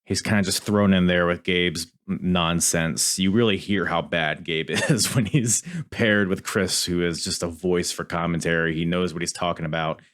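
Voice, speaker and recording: A man's voice: deep voice, fairly even intonation, moderate pace, few pauses, fairly bright tone. Rambling, profane male podcast host. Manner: rambling, profane, self-interrupting. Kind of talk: casual review chat.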